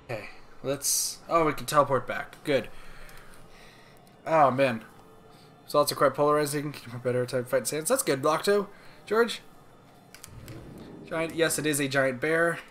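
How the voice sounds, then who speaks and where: A man's voice: a little high, a little slow, long pauses, fairly bright tone, faint music behind. A man streaming a video game, talking to himself in playful, rambling chat. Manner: playful, rambling self-talk.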